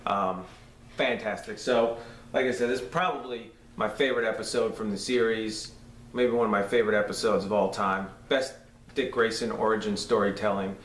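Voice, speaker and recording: Far from the mic, a New York-accented podcast host talks through a cartoon episode in a lowish, fairly even voice at normal speed, a bit bright in tone. He's excited and rambling, full of fillers. The room he shares with a co-host adds echo, and there's faint noise.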